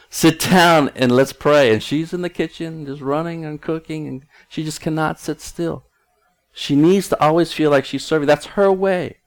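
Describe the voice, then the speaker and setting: A man's voice: fairly high pitch, fairly even intonation, normal speed. A middle-aged male pastor preaching a conversational sermon in an earnest tone, often restarting his sentences.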